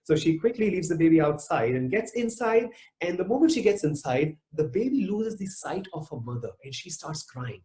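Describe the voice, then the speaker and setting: Emphatic motivational speaker. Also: male voice, on the high side, big pitch swings, normal speed. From India. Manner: emphatic, repeats key phrases, varies loudness widely. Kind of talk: motivational talk with a story.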